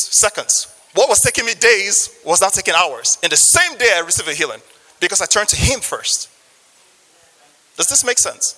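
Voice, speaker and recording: A man's voice: high voice, bright, forceful tone. A man preaching a sermon, reading scripture and sharing a personal testimony in an earnest manner. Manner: earnest, testimony-sharing, asks audience for amens. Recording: long hall reverb.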